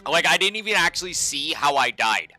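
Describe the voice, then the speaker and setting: A man's voice: fairly high pitch, sing-song, a little fast, pushed and bright, soft background music. A man streaming a game live, ranting sarcastically and swearing a lot.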